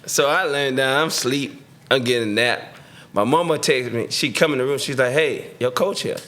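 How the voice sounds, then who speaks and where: The former professional football receiver, a middle-aged podcast guest, narrates casually and animatedly, slipping into slang and performing the voices of the people in his tale. He speaks at a normal speed with a mid-range voice.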